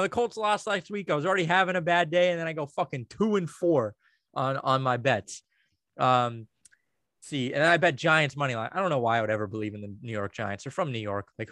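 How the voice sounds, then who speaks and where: A man co-hosts a podcast in loose, crude banter, swearing freely through jokey rants. His voice sits a bit high for a man, and the sound is dry and close, with no room in it. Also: a little fast, a bit bright, no room sound. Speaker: podcast co-host.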